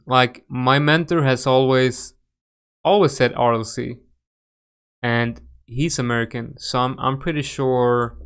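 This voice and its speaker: A man's voice: mid-range voice, unhurried, vocal fry, fairly bright tone, clean tone. Swedish man chatting through crypto charts. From Sweden. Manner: chatty, reacts to chat, frequent fillers and restarts. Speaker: crypto trading livestream host. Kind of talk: casual live chart analysis.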